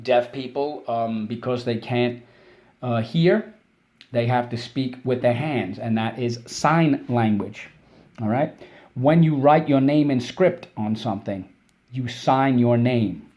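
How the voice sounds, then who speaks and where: A man teaching a spelling and vocabulary lesson for kids, explaining words patiently and drilling them in call-and-response with quick praise. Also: medium pitch, darkish tone.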